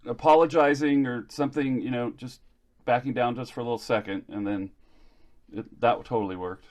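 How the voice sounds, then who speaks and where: A man's voice: mid-range voice, brisk. A man on a podcast panel telling a short anecdote from his past work in casual, chatty style. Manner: lively, chatty anecdote teller. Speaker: podcast co-host. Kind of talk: casual storytelling chat.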